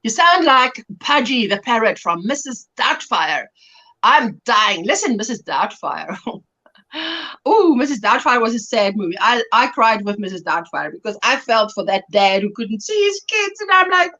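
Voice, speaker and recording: A woman's voice: on the high side, very animated, unhurried, bright, forceful tone. A middle-aged South African woman hosting a livestream, chatty and laughing as she reads out viewer comments. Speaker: livestream host. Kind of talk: casual chat while crafting.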